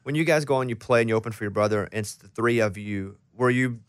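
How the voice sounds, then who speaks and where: Male radio host, mid pitch, smooth resonant voice, dry sound, easy conversational tone. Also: fast, dry recording. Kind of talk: casual interview questions.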